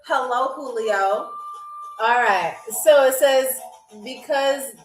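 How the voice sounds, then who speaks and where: A woman with a high voice hosts a live-streamed trivia game show, and she speaks slowly and deliberately. Her manner with the viewers is playful and teasing. The sound is roomy and echoey. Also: faint music behind.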